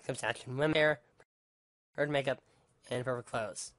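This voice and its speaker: A man delivers a heated, profanity-laced rant, often stumbling and restarting his sentences. His voice sits at an ordinary middle pitch and is captured dry and close, with no room echo. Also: steady tone, normal speed, fairly bright tone. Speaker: vlogger. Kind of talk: angry rant monologue.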